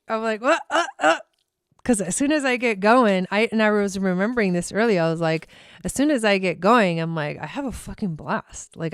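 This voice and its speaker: Woman tarot reader, casual live chat, smooth clear voice, dry close sound, swears freely. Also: mid-range voice, no echo. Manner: chatty, swears freely, laughs often. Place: her home.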